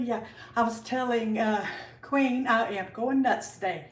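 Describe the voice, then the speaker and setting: An older woman with a slightly high voice chats casually with livestream viewers from her home kitchen, greeting them by name and sounding a bit out of breath. She talks at a normal speed, and the distant mic picks up an echoey room.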